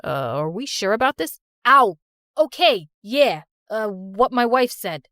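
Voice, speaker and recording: A woman voicing a timid, hesitant father in an animated story. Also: a little high, measured pace, no room sound, studio quality. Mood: meek. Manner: hesitant, meek.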